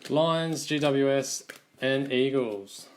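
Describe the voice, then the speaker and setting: A man's voice: mid-range voice, takes it slowly, slight background noise. An Australian man hosting a live trading card box break, calling out teams and players in an easygoing running commentary.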